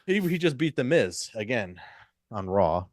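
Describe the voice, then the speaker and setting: A man's voice: medium pitch, very animated, measured pace, no echo, clean studio sound. A man co-hosting a podcast, chatting casually about wrestling in a laid-back way and swearing freely. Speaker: podcast co-host.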